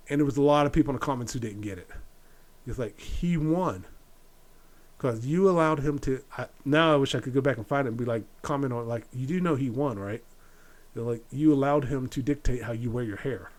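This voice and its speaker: A middle-aged man hosting a solo opinion podcast, blunt and exasperated, repeating his points. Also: mid-range voice. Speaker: podcast host.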